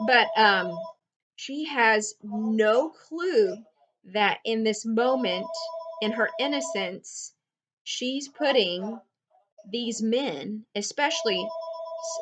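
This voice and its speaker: A woman's voice: mid-range voice, noisy background. A woman teacher explaining a novel to her students, conversational and full of fillers and small restarts. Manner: conversational, recaps with frequent fillers.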